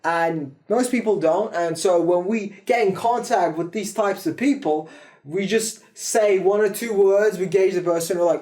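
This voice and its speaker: A man with a fairly high voice talks to camera as a self-improvement host. He swears freely and rambles. He jumps between loud, emphatic bursts and low, quiet asides. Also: unhurried. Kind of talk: casual monologue to camera.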